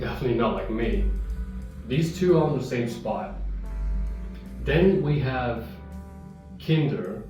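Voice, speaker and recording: A man reviewing chocolate in a casual, rambling chat, sometimes talking while he chews. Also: fairly low pitch. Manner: chatty, rambling, talks while chewing. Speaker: vlogger tasting chocolate. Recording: very echoey room, mic far off, guitar music behind. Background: soft guitar music.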